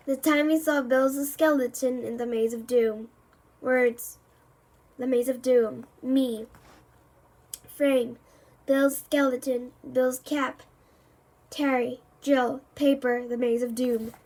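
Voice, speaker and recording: A woman with a high voice reads a children's chapter book aloud. Her storytelling is lively and clear. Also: slow, long pauses. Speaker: reader.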